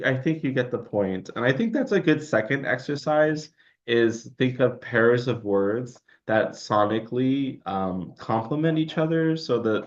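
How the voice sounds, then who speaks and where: A man's voice: lowish voice, lo-fi sound. A young man teaching a poetry lesson in a loose, rambling way, full of ums and restarts, recorded at home. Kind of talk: casual recorded lecture. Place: home room by a window.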